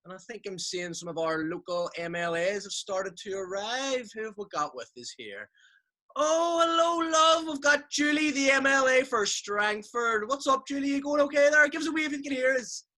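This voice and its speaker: A man's voice: very high-pitched, animated, moderate pace, sharp tone, exaggerated voice. A man playing a showy Northern Irish radio presenter who hypes everything up, with a Northern Irish accent. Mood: hyped. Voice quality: showy, hyped-up. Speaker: comic performer.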